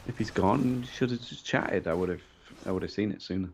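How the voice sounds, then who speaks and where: A man's voice: low voice, brisk, a little hiss or hum. A man co-hosting a gaming livestream, trading dry, teasing banter with the player. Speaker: co-host. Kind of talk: casual gaming livestream chat.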